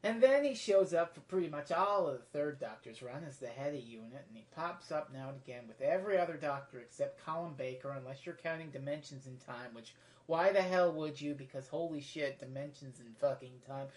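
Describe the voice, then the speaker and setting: A woman's voice: low-pitched, expressive, brisk, a little mellow. A woman giving a casual solo review monologue, rambling and drifting into tangents. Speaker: video reviewer.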